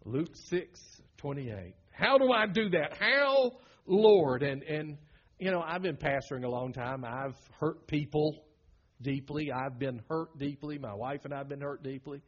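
A middle-aged man with a Southern American accent preaching a sermon as pastor, folksy and humorous, swinging from loud bursts to hushed lines. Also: mid-range voice, moderate pace, dull audio.

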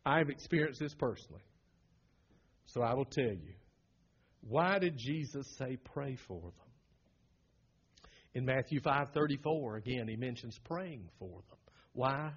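A middle-aged man with a Southern American accent preaching a sermon as pastor, folksy and humorous, swinging from loud bursts to hushed lines. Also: mid-range voice, animated, unhurried, long pauses, slightly rough, muffled recording.

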